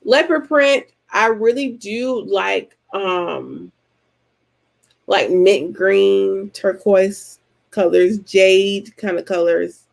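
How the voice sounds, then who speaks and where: Southern woman vlogger, mid-pitched with some vocal fry, animated and colloquial, chatting casually to camera. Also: very slow. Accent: Southern American. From Georgia, US. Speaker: vlogger host answering subscriber comments. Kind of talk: casual chat.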